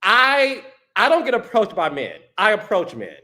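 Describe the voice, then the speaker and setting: A man hosting a podcast and telling a story in a casual, animated way, often repeating words. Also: high voice, moderate pace. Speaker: podcast host. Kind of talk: casual chat.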